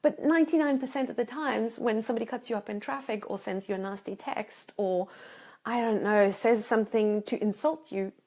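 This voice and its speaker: A woman with a fairly high voice coaches viewers straight into her own camera. She talks in an emphatic, encouraging way and repeats words for stress. She slips into anxious made-up inner voices to make her points. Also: brisk, darkish tone. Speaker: life coach. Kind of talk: motivational talk to camera. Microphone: self-filmed camera.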